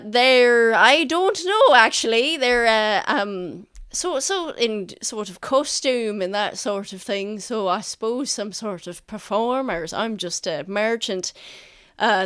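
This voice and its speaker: A woman's voice: fairly high pitch, lively intonation, slow, few pauses, fairly bright tone, smooth, no room sound, clean studio sound. Woman doing a flustered merchant man. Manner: rambling, hesitant, filled with uh and um. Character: chatty male merchant cart driver, nervous.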